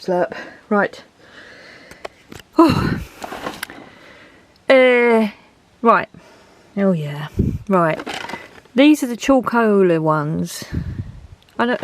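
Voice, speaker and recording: Sorting through her things in her indoor craft room at home, a woman vlogs in a casual, rambling way, thinking aloud and talking to herself. Her medium-pitched voice is animated, slow and full of frequent pauses, with slight background noise.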